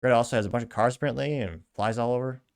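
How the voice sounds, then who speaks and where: A man's voice: mid-range voice, very fast, vocal fry, clean tone. A man hosting a political commentary show, reading social media posts aloud and reacting with sarcastic, muttered asides.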